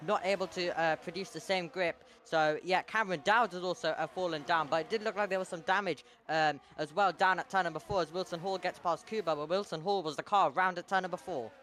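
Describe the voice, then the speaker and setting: A man giving race analysis as co-commentator on a sim racing broadcast, talking quickly and using lots of filler words. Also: sits high, a bit bright. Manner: rapid, filler-heavy analysis.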